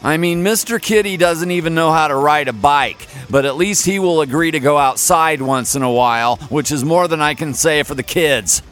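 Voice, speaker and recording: A man hosting a comedy show, announcing results in a deadpan, mock-serious way. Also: on the high side, moderate pace, few pauses, soft background music. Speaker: podcast host.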